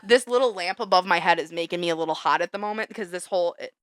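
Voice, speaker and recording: A young woman co-hosting a casual podcast, ranting heatedly, swearing often and jumping around in pitch when fired up. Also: racing, no room sound, studio quality. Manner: animated, big jumps in pitch when fired up. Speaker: podcast co-host. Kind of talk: casual chat. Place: small studio under a lamp.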